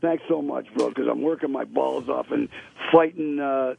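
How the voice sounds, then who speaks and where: A man's voice: mid-range voice, normal speed, vocal fry. A man calling in to a radio show, slangy and joking in casual chat over a phone line.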